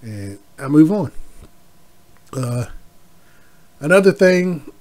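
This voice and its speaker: A man's voice: fairly high pitch, big pitch swings, slow, darkish tone. A middle-aged man hosting a casual solo podcast, rambling with many fillers and asides. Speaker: podcast host.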